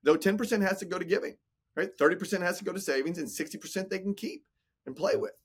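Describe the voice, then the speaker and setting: A man's voice: high-pitched, big pitch swings, quick pace, husky. A man in his forties, a business coach talking in a casual podcast interview, emphatic and motivational, often repeating words. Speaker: business coach and entrepreneur guest.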